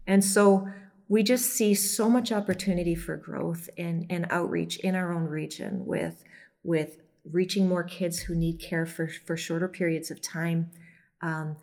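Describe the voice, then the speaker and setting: A woman who runs a children's home, speaking earnestly in an interview with halting restarts. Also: fairly low pitch, steady tone, darkish tone.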